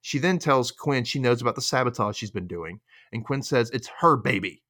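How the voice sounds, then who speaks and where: A man's voice: mid-range voice, animated, moderate pace, bright, forceful tone. A man hosting a casual recap podcast, a little tipsy, swearing freely and laughing often. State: tipsy from drinking. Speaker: podcast host.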